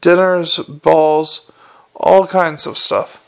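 A man's voice: a little high, fairly even intonation, drawn-out words, gravelly, exaggerated voice. A man voicing a scruffy, gloomy young watchman, grumbling as he talks. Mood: perking up.

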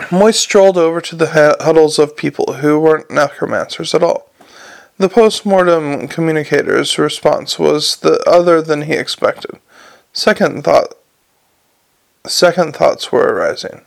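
A man narrating a novel aloud in a dry, measured manner. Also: on the high side, gravelly. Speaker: audiobook narrator. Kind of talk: scripted narration.

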